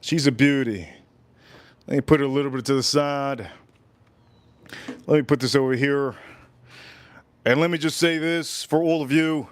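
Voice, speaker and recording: A man hosting a casual cooking and tasting livestream, who talks in a drawn-out, playful way and repeats his phrases. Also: mid-range voice, steady tone, no room sound. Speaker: livestream host.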